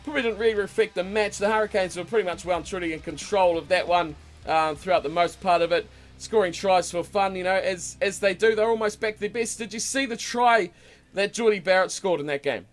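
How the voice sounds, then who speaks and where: High-voiced New man chatting rugby. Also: a little fast, faint music behind. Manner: relaxed, rambling, frequent ums and uhs. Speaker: podcast host. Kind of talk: casual rugby chat.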